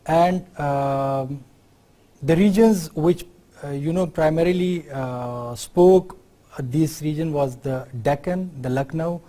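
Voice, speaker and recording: Pakistani male lecturer, fairly high and warm-toned voice, explanatory delivery that keeps checking in with students. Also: takes it slowly. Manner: explanatory, often adds tag questions to check understanding. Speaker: university lecturer. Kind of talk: university lecture.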